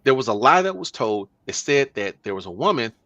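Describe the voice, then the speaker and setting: Animated man in casual political chat. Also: medium pitch, brisk, dry recording, lo-fi sound. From Texas. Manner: animated, emphatic, rising to loud bursts. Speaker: podcast host.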